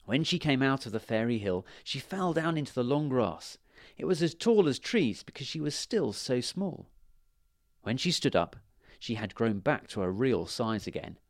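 Male storyteller for children's fairy tales, animated voice, dry close sound. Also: mid-range voice, moderate pace, no room sound. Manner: lively, expressive storytelling.

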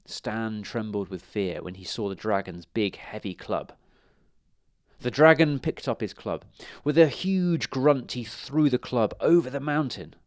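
A man reading a children's storybook aloud in an expressive, animated way. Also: medium pitch, unhurried, no echo, studio quality. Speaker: reader.

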